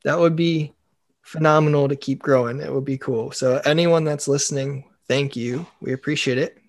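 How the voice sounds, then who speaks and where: A man's voice: on the high side, steady tone, normal speed, creaky. A man co-hosting a podcast, chatting in an easygoing way. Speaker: podcast co-host. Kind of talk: casual chat.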